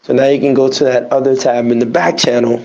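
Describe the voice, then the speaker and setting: A man hosting a podcast in casual chat, giving quick, playful instructions in a gravelly, husky voice. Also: medium pitch, level tone, darkish tone. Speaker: podcast host. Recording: dull lo-fi audio.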